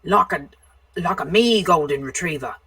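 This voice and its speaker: A woman voices a jittery, easily confused man in a tabletop game, hesitant and tripping over his own words. The voice is lowish and heard from a distance in a dry room. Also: expressive, moderate pace, bright, forceful tone, husky, dry recording, exaggerated voice. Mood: puzzled. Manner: hesitant, repeats himself.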